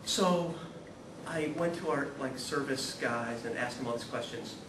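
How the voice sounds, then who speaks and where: A man giving a humorous, animated spiritual talk to a live audience, acting out the people in his stories and swinging from hushed to loud. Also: mid-range voice, a little slow. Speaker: guest speaker at a spirituality talk series. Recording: echoey room, voice from far off, audible noise.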